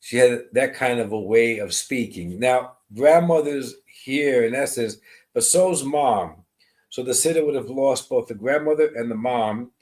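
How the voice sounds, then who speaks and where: Taking his time, a man acting as a medium on a livestream greets viewers by name in a medium-pitched voice. He passes along spirit messages softly and comfortingly, though the recording quality is poor.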